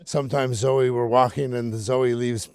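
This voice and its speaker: A man's voice: medium pitch, steady tone, moderate pace, smooth. A middle-aged man from Canada vlogging casually while walking outdoors on a snowy street, chatting and laughing easily. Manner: chatty, laughs often, greets neighbors and dogs. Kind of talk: casual walking vlog monologue.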